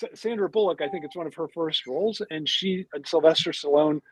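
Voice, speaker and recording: A man's voice: on the high side, a little fast, a little hiss or hum, rough recording. A male philosopher and author, a podcast guest explaining ideas in casual talk, with many restarts and repeated words.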